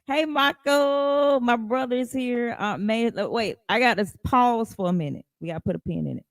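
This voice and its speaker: A woman hosting a live podcast in a casual, chatty way, greeting viewers by name and rising high in pitch for emphasis. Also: a little slow, long pauses, no room sound. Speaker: podcast host.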